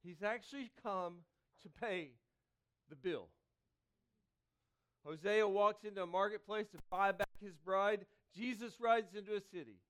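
High, clear-voiced man preaching a sermon. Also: unhurried, pauses often. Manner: dynamic preaching, swinging between loud calls and hushed pleas; conversational, with restarts and asides to the congregation. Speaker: pastor. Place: church sanctuary.

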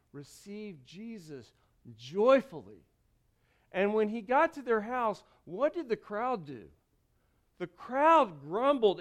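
A young adult man preaching a lively sermon in church, with joking asides to the congregation. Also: high-pitched. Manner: animated preaching with asides and jokes. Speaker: pastor.

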